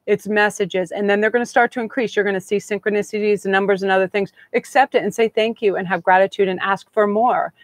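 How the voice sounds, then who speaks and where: A woman's voice: mid-range voice, fairly even intonation, quick pace, hardly any pauses, no room sound. A middle-aged woman hosting a live tarot reading, talking in a chatty, gushing, meandering way. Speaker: tarot reader and host.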